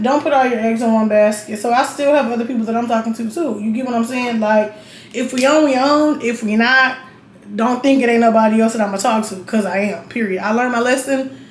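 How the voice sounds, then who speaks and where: Speaking directly to the camera, a young woman vlogger with a slightly high voice tells stories casually while getting ready, blunt, profane and chatty, constantly throwing in asides and checking in with viewers. Her room gives a roomy echo over a faint hiss of noise.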